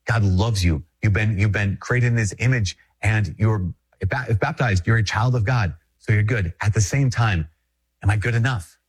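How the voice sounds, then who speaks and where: Low husky guy from minnesota, talks like a priest giving a chatty homily, keeps repeating himself for emphasis. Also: moderate pace. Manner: conversational, emphatic, repeats phrases, chuckles often. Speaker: Catholic priest. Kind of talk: spoken reflection to an audience.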